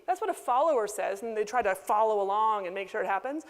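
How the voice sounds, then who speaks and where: Woman keynote speaker, high bright voice, lively and chatty, reverberant hall sound. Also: fairly quick, hardly any pauses. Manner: lively, conversational, acts out quoted people. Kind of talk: conference keynote speech. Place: conference hall.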